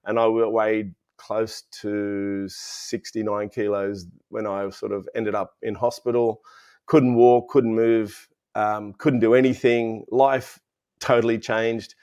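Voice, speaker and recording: A man's voice: on the low side, flat delivery, takes it slowly, darkish tone, clean tone. A man in his fifties with an Australian accent, a guest in a casual interview, telling a personal story in a rambling way full of restarts and fillers. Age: 50s.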